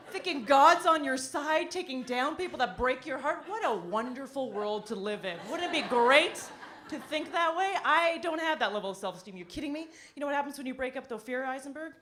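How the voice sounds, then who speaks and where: A woman performing a stand-up comedy set on a club stage, wry and self-deprecating, breaking into animated impressions. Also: high-pitched, fairly quick, slight background noise.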